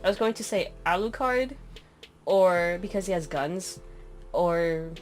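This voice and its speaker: A woman co-hosting a casual podcast chat, animated and quick to laugh, often breaking off mid-sentence. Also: lowish voice, faint music behind. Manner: animated, laughing, self-interrupting. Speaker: podcast co-host.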